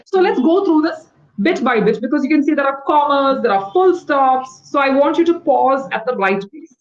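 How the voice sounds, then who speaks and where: A woman tutoring English over a video call, explaining words quickly and patiently. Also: high voice, lively intonation, dull audio. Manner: fast-talking, explanatory, patient. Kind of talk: one-on-one online English lesson.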